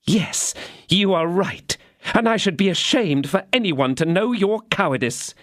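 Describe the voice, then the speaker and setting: A man voicing a fierce, scornful young woman in an audiobook, speaking in an indignant, cutting way with a raised pitch. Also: lively intonation, unhurried, fairly bright tone, dry recording, clean studio sound.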